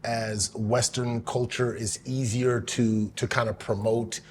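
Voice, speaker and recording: A man's voice: medium pitch, little pitch movement, slow pace, slight background noise. A man hosting a podcast interview, talking in a casual, candid, slangy way. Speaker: podcast host.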